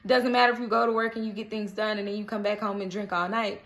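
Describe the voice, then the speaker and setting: A woman's voice: mid-range voice, little pitch movement, fast talker, fairly bright tone. A woman giving a casual daily horoscope tarot reading, chatty and earnest, often checking in with viewers with "okay?". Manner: earnest, coaxing. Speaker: tarot card reader.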